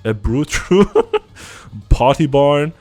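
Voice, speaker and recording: A man's voice: medium pitch, animated, very slow, a little mellow, faint music behind. A young German man with a German accent, a streamer ranting through a quiz in sarcastic, profane banter. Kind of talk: casual reaction to an online quiz.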